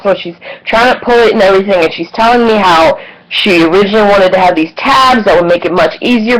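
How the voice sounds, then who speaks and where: A woman's voice: mid-range voice, low-quality recording. A woman vlogger telling a personal story candidly and casually, swearing and acting out what others said. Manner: candid, swearing, animated retelling with quoted voices.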